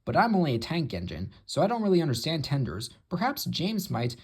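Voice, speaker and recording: A man's voice: fairly high pitch, huge pitch swings, fairly quick, slightly rough, pitched above the performer's own voice, full character voice. A man doing a sly, cheeky little tank engine. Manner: sly and bright.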